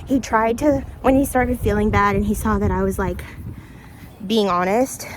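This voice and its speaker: A woman's voice: mid-range voice, steady tone, moderate pace, background noise. A woman vlogger telling a story to camera in a casual, chatty way, speaking straight to her viewers and laughing often. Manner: laughs often between lines.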